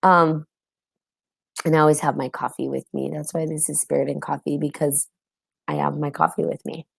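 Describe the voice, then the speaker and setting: Her voice is deep and creaky with a breathy edge, level in tone and moderate in pace, captured in studio quality without room sound. This woman is a podcast host leading a casual spiritual talk with a live audience, tired and yawning, chatty, full of ums and laughing often.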